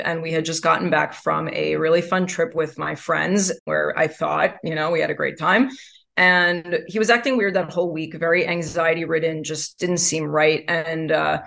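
Woman, podcast guest, chatty and candid, gravelly vocal fry. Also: sits low, a bit bright. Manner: chatty, heavy use of "like" fillers. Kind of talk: candid conversational storytelling.

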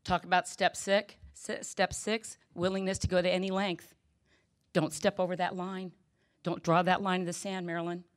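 A woman's voice: lowish voice, level tone, normal speed. A middle-aged woman candidly telling her own recovery story to a group, emotional and self-deprecating. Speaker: speaker sharing recovery story. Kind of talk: personal testimony talk.

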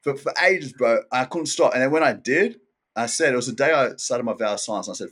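A man's voice: mid-range voice, animated, a little fast, fairly bright tone, husky. A man talking as a podcast guest in a candid, rambling way, swearing often and restarting his sentences. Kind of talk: candid casual conversation.

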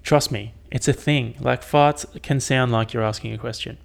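A young man talking alone on his podcast in a loose, rambling way, full of swearing and fillers. His voice has a gravelly, creaky texture at a middling pitch. He sounds casual and unscripted throughout. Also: fairly even intonation, normal speed. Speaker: podcast host. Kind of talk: casual solo podcast monologue.

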